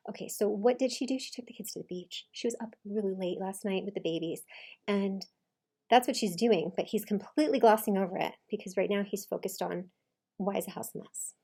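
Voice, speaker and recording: A woman talks through a clip she is reacting to, in a casual, chatty way. She keeps repeating the lines she hears and picks them apart with lively emphasis. Her voice sits at an ordinary middle pitch. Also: fairly quick, slightly rough. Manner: animated, quotes lines back with emphasis. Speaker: commentator reacting to a video.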